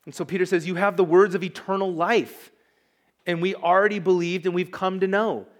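A man's voice: high-pitched, steady tone, brisk. Emphatic man preaching a sermon. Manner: emphatic, conversational with asides and quoted lines. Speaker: pastor.

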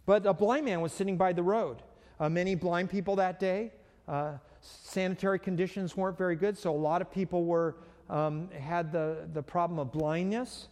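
A pastor preaches a sermon in a high, steady voice with a darkish tone at a moderate pace, his words carried by the long reverb of a hall. His delivery is conversational, with frequent fillers and restarts.

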